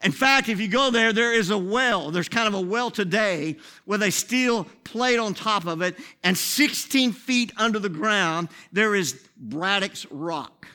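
A male preacher with a very high, bright, forceful voice. He drops to hushed, intimate whispers, then swells into shouted, sing-song preaching. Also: lively intonation, unhurried, few pauses. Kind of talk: sermon.

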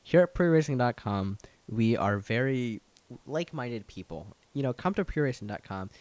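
A man's voice: medium pitch, animated, moderate pace, a little mellow, no echo. A young man co-hosting a casual podcast, laid-back and goofy, chatting about a race. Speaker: podcast co-host. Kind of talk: casual chat about motor racing.

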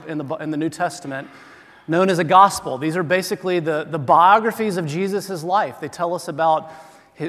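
Higher-pitched pastor in a reverberant church. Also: male voice, a bit bright. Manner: conversational, self-deprecating humor. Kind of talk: sermon. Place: church sanctuary. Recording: long hall reverb.

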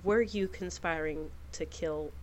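A woman voicing a troubled, gentle necromancer in a tabletop game, talking slowly and gravely. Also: low-pitched, slight background noise, voice pushed down. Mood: pleading. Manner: slow, hushed and grave.

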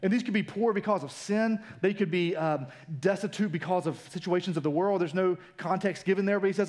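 A man preaching a sermon in an energetic, colloquial way, rising in pitch for emphasis. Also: fairly quick, hardly any pauses. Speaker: pastor.

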